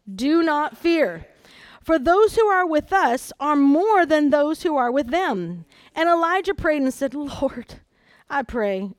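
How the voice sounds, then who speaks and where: A woman preaching at a conference, reading a Bible story aloud with lively asides and dramatized quotes. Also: high-pitched, dry recording. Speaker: conference speaker. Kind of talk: sermon with scripture reading.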